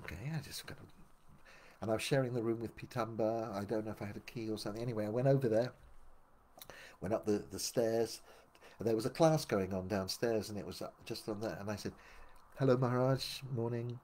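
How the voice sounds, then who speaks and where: An older man telling his memoir aloud, meandering with many restarts and dropping quieter for asides. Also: fairly even intonation, fast. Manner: meandering, full of restarts, drops low for asides. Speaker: memoir narrator. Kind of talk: rambling spoken memoir storytelling.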